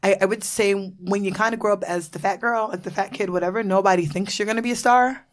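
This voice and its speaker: A woman's voice: medium pitch, fairly even intonation, quick pace. A woman in her thirties from Florida, hosting a casual podcast chat, bubbly and laughing often, swearing freely. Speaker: podcast host.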